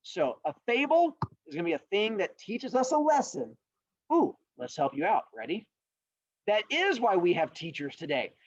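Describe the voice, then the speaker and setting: A man teaching a class, animated and joking as he talks straight to his students. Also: high-pitched, moderate pace, no room sound. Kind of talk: recorded classroom lecture. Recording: dull lo-fi sound.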